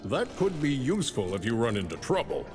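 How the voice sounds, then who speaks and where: A gentle elder dragon from a video game, voiced by a man, offering advice with a faint teasing edge. His pitch swings widely. Game music plays underneath. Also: big pitch swings, a little fast, lightly acted. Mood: advising. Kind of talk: video game character dialogue.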